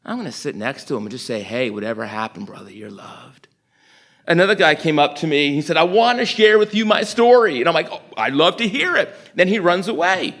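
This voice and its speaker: A middle-aged man from New York City giving a storytelling sermon, acting out conversations in quick animated bursts. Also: on the high side. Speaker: guest preacher.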